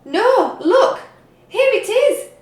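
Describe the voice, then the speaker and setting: An excited young pirate girl with a shrill, piping voice, put on by a woman reading a story. She sits very high. The room is echoey. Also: drawn-out words, exaggerated voice.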